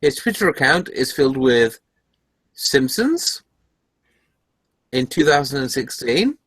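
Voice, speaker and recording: A man's voice: medium pitch, sing-song, slow, a bit bright, slightly rough, no room sound. Sarcastic man hosting a podcast chat. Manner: reads articles aloud with sarcastic asides. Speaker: podcast host. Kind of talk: casual chat.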